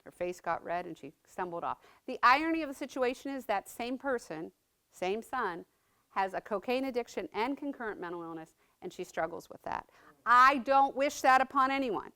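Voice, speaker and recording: A woman's voice: a little high, expressive, moderate pace, pushed and bright. A middle-aged woman giving a personal testimony talk, conversational and earnest, often checking in with the audience by asking "right?". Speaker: speaker sharing her story as a mother.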